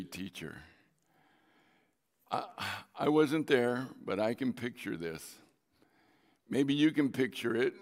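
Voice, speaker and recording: A man's voice: mid-range voice, long reverb tail. A man preaching a sermon, reading scripture aloud and explaining it in a conversational way, with dramatic readings of the quoted lines.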